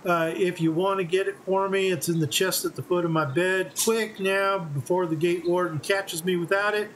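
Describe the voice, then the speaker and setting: A man's voice: high-pitched, steady tone, normal speed, fairly bright tone, a little hiss or hum. A man voicing a friendly, easygoing town guard who is a bit hungover.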